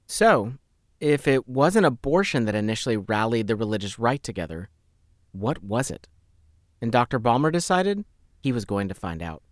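A man hosting a podcast, narrating a story in a measured, explanatory way. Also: mid-range voice, very animated, dry recording, clean studio sound. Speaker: podcast host.

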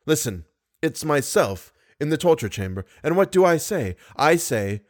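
A man's voice: a little high, sing-song, moderate pace. A man voicing a brooding masked phantom. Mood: mocking. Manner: wheedling, mocking, sudden bursts of glee. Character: menacing masked male phantom, theatrical and brooding.

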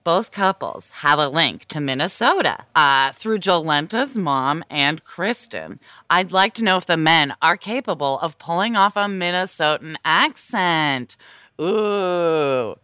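A woman's voice: low voice, animated, a little slow, hardly any pauses, sharp tone, clear, resonant tone, dry recording, studio quality. A woman co-hosting a podcast, upbeat and reading out listener questions. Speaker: podcast co-host. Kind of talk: casual chat.

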